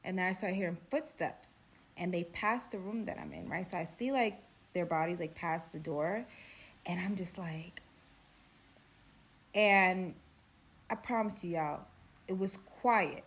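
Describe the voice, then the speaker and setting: A woman's voice: fairly low pitch, expressive, a little slow, pauses often. A young woman from Brooklyn, telling a dramatic story in a chatty way, full of "like" and "right?". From Brooklyn, New York. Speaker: storyteller vlogger. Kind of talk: casual storytime.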